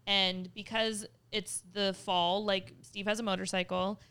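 Brief: podcast co-host, woman, bright crisp voice, chatty storyteller. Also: mid-range voice, unhurried. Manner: chatty storyteller, animated retellings. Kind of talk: casual chat.

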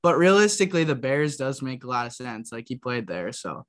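A man's voice: mid-range voice, big pitch swings, a little fast, fairly bright tone. A man hosting a sports podcast in casual chat, talking loosely with many fillers. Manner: loose, filler-heavy, says "like" a lot. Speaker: podcast host.

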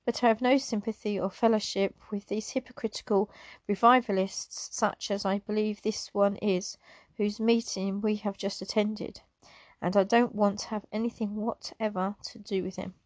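A woman's voice: mid-range voice, little pitch movement, normal speed, dry recording. A woman reading an old memoir aloud, now and then stumbling over a word and correcting herself. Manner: unscripted asides with soft laughs. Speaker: reader.

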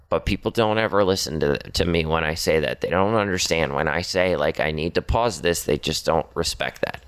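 Man, very low voice, earnest halting monologue with fillers, personal podcast confession. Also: smooth. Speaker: podcaster speaking to his partner.

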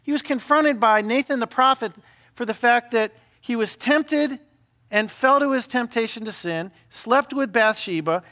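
A middle-aged man, a senior pastor, preaching a sermon in a conversational, animated way with frequent rhetorical questions. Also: very high-pitched, measured pace.

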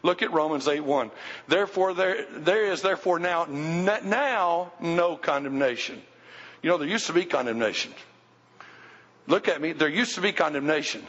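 A man with a high voice preaches a sermon in a church, emphatic and direct, questioning his listeners as he goes. His voice rings with a long hall reverb. The recording is dull and lo-fi. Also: a bit bright. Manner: emphatic, asks the congregation questions. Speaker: pastor. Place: church sanctuary.

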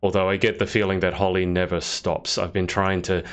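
Male host with a very low voice, friendly and chatty, a touch hesitant, on a video call. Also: little pitch movement, a little fast. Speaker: interview host. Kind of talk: casual interview chat.

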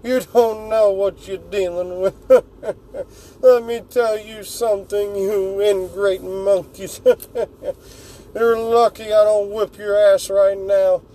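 A man's voice: high-pitched, flat delivery, slow, mellow, slight background noise, pitched above the performer's own voice, rough recording. A man voicing a cruel, smug male alien tyrant with a mocking, condescending manner.

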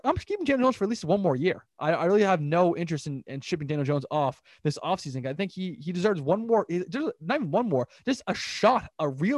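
A young man hosting a casual sports talk show, rattling off scores and rambling opinions in an animated way. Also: high-pitched, dry recording, clean studio sound. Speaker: podcast host.

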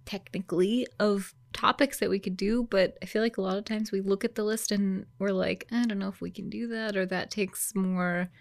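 A woman's voice: medium pitch, fairly even intonation, normal speed, gravelly, hardly any pauses. Teasing woman podcast co-host. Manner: teasing, laughs easily. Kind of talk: casual podcast chat.

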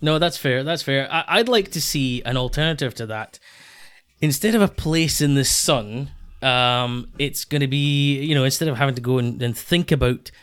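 A man's voice: medium pitch, moderate pace, fairly bright tone, smooth. A man co-hosting a podcast, adding dry teasing banter in casual comedic chat. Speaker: podcast co-host.

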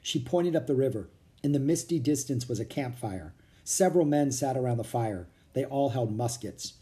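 A reader narrating a children's storybook aloud with an expressive delivery. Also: mid-range voice, normal speed. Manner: expressive, animated reading. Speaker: audiobook reader.

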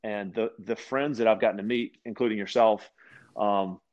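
A man from Louisiana, chatting casually as a guest and telling animated stories, often restarting his sentences and acting out quoted voices. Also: fairly low pitch, normal speed, dull audio. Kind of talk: casual storytelling chat.

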